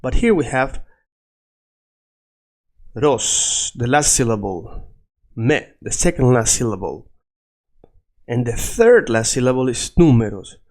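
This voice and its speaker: A man's voice: medium pitch, sing-song, darkish tone. Patient male teacher. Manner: patient, repeats words slowly for learners. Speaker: Spanish teacher. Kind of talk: language lesson.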